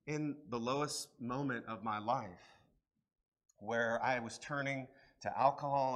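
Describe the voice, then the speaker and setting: A man preaching a sermon with personal testimony at a church service, impassioned and swinging from hushed lines to emphatic ones, with repeated rhetorical questions. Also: mid-range voice. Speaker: pastor.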